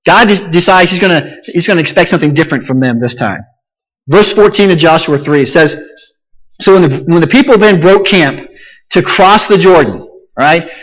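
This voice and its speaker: A man with a high-pitched voice preaches a sermon, retelling the story in plain, animated words and leaning on repeated phrases. His voice carries a long reverb, as from a large church hall. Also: normal speed. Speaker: pastor.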